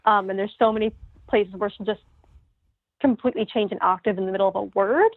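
A woman's voice: medium pitch, fairly even intonation, fairly quick, no room sound. A woman co-hosting a podcast, chatting eagerly about a singer's vocal style and laughing often. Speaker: podcast co-host. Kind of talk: casual chat about music. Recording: tinny phone-like remote line.

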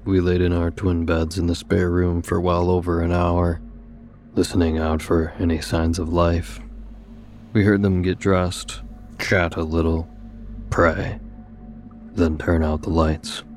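A male storyteller with an extremely deep, low voice, reading a first-person tale in a steady, measured way. Soft music plays faintly underneath. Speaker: narrator. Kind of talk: scripted story narration.

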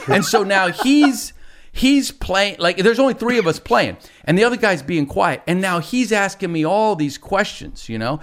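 A man's voice: high-pitched, expressive, moderate pace, fairly bright tone. A middle-aged man, a guest on a talk show, telling rambling stories in casual chat and often laughing.

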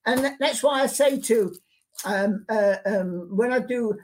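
Elderly man telling lively anecdotes. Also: high-pitched, a little slow, slight background noise. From London. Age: 80s. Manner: animated, repeats words, acts out quotes. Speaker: interview guest, sports artist. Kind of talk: anecdotal storytelling in an interview. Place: home studio.

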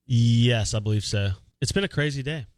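A man's voice: medium pitch, moderate pace, dry recording, clean studio sound. A man co-hosting a sports talk radio show, bantering and joking playfully. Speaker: radio co-host.

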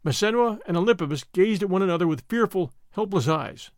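A man narrating an adventure story in an expressive storytelling manner. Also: high-pitched, fairly quick, hardly any pauses, dry recording, clean studio sound. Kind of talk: scripted narration.

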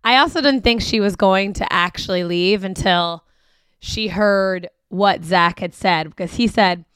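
A woman's voice: mid-range voice, a little slow, fairly bright tone, clean tone, no echo. A woman co-hosting a casual podcast, chatty and frank, quoting others with amused asides. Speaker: podcast co-host. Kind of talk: casual chat recapping a reality show.

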